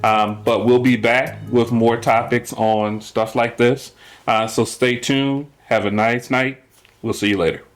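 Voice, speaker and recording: A man's voice: medium pitch, fairly even intonation, a little slow, faint music behind. A man hosting a podcast, wrapping up and speaking directly to listeners. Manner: upbeat, addressing listeners directly. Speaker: podcast host. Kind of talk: show sign-off.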